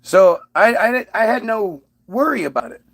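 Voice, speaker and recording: A man's voice: high voice, expressive, moderate pace, creaky, a bit bright. A father casually telling a personal story, aggrieved and profane, with many restarts.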